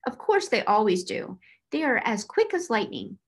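A woman voicing an imaginative, confident little girl who explains things earnestly, in a slightly raised, gravelly voice. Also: on the high side, sing-song, moderate pace, exaggerated voice. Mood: eager.

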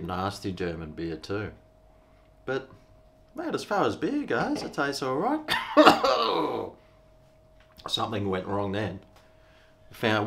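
A man's voice: medium pitch, a bit bright. A middle-aged Australian man, a vlogger, rambling in a laid-back, slangy way while he tastes and reviews a beer. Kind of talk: casual beer review vlog.

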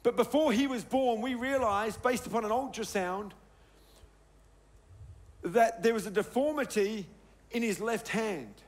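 High-voiced man preaching a sermon. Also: measured pace, long pauses. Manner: emphatic, storytelling, dropping soft on key words. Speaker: pastor.

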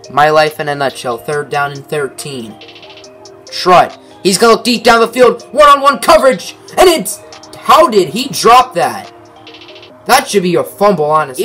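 A man's voice: high-pitched, pushed and bright. A young man narrating a football video game in mock sportscaster play-by-play, with dry asides. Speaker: gaming commentator.

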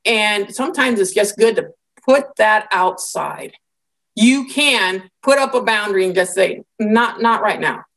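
A woman giving a conversational Bible lecture, telling the story in a lively way with casual asides. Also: medium pitch, unhurried. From American Midwest.

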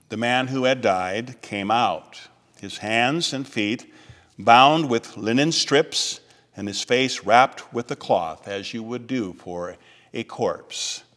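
Man preaching in a reverberant church. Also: medium pitch. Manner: measured preaching, slows and softens on key phrases. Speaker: pastor. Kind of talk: sermon. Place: church sanctuary.

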